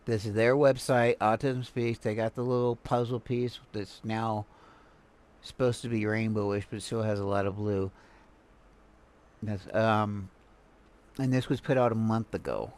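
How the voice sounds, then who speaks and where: An older man from Houston giving casual, halting reaction commentary, with lots of fillers and restarts. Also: lowish voice, fairly even intonation, a little mellow. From Houston, Texas. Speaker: live streamer reacting to a video.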